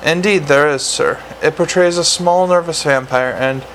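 A man's voice: fairly high pitch, normal speed, fairly bright tone, a little hiss or hum, natural voice, poor audio. A man reading the part of a polite, unflappable male butler, speaking formally and deferentially.

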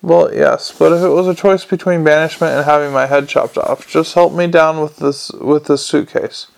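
Guy reading a tired cynical middle-aged watch captain, dry grumbly, slight gravel. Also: fairly high pitch, fairly even intonation, moderate pace. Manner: dry, world-weary grumbling.

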